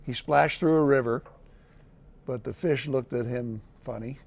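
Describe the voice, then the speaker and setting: A mayor reads a children's picture book aloud, slow and gentle. His voice is gravelly with a husky edge, and he lifts into livelier tones when the story calls for it. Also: medium pitch.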